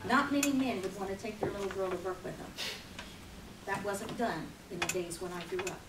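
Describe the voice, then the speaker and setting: A woman's voice: medium pitch, brisk. An older woman giving an earnest public comment at a meeting. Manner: earnest, proud. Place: meeting room. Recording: echoey room, distant mic, loud noise.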